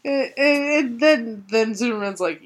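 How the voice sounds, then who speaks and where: A woman's voice: on the high side, lively intonation, measured pace. A woman co-hosting a podcast in casual comic chat, sarcastic and profane, laughing often. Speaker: podcast co-host.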